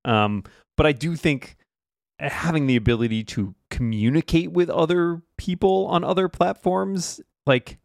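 A man in his forties co-hosting a casual tech podcast, thinking out loud about products. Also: a little high, measured pace, creaky, no room sound, studio quality. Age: 40s. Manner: musing, thinks aloud. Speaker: podcast co-host. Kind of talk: casual chat.

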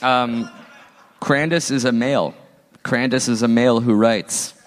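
A man's voice: medium pitch, fairly even intonation, measured pace, in a large hall. A man co-hosting a live comedy advice podcast on stage, laughing often as he reads listener emails. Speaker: podcast co-host. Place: stage before a large live audience.

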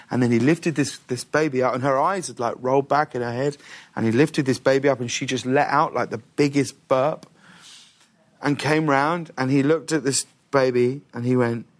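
A man, a talk show guest telling a long story in casual chat, animated and laughing often. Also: mid-range voice.

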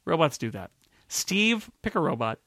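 A man's voice: on the high side, sing-song, moderate pace, a bit bright, dry recording, clean studio sound. A man hosting a casual panel chat, joking, laughing often and calling on the others to pick. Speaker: host.

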